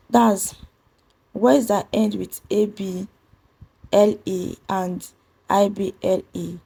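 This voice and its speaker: A woman, teaching a pronunciation lesson and spelling out letters as she repeats each rule slowly. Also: mid-range voice, vocal fry, mellow, breathy edge, poor audio. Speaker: English teacher.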